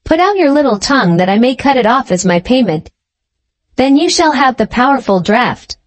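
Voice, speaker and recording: A woman voicing a cruel, scheming old female sea witch in a storybook reading, speaking coldly and deliberately. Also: high-pitched, big pitch swings. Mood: cold, mocking.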